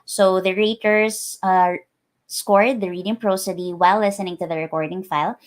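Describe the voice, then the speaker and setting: A woman's voice: medium pitch, fairly even intonation, moderate pace. A woman presenting her research in a lecture, explaining carefully with frequent ums and uhs. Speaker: academic presenter.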